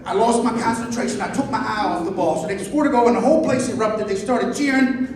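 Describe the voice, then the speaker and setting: Speaking fast in a high voice, a man in his fifties works through a crude stand-up routine at a club, performing the dialogue in his stories himself. A live audience laughs along, and the sound is distant and echoey, as if from the back of a hall.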